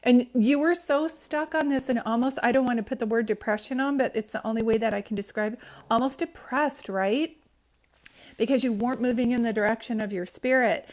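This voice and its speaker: A woman's voice: fairly high pitch, brisk, darkish tone. A woman hosting a live-stream psychic reading, talking to viewers in a casual, affectionate way, using pet names and rambling with restarts.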